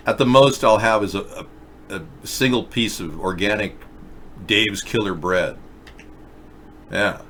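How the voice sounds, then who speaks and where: Man, low-pitched voice, rambling chat host, faint background hiss. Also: bright, forceful tone. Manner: rambling, reads chat comments aloud. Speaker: show host. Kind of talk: casual video chat commentary.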